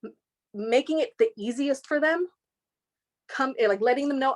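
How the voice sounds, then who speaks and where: Animated storytelling comes from a woman interviewed as a guest, a native of Inglewood, California. She enlivens her stories with voice imitations and fast shifts in pitch.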